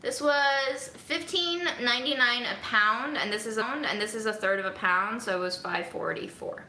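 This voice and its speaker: A woman's voice: on the high side, normal speed, bright, forceful tone, roomy sound, slight background noise. A woman vlogging in her home kitchen, chatting casually and rambling with self-mocking humor to her viewers. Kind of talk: casual chat to a livestream audience.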